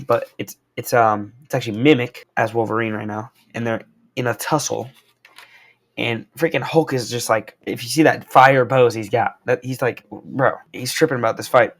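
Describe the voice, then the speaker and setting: A young man recapping and reviewing a comic book in a casual, slangy, excitable way, wearing a corded mic as he moves around. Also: medium pitch, moderate pace. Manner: slangy and excitable, lots of "bro" and "like". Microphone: wearing a corded mic while walking around.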